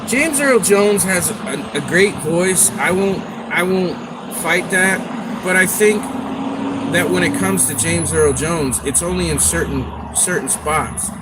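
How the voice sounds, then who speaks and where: A man's voice: high voice, slow pace, very noisy. A man from Scotland hosting a livestream, chatting casually and rambling through stories with quoted asides. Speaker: livestream host. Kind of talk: casual chat.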